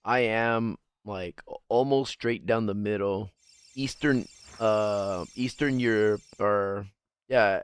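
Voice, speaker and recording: A man's voice: lowish voice, slight background noise. A man streaming live, chatting casually in a rambling, profane way and laughing often as he answers chat. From Guam.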